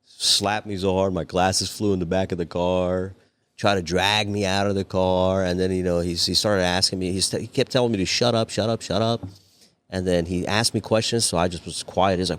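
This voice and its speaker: A man's voice: sits low, level tone, fairly quick. A young adult man, a podcast guest, telling a story in casual chat, swearing freely and acting out the voices of the people in it. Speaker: podcast guest, cigar company owner.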